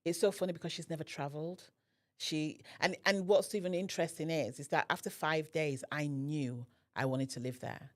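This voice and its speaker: A woman's voice: low-pitched, moderate pace. A woman guest on a podcast telling a personal story and acting out the dialogue. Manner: animated, acts out quoted dialogue.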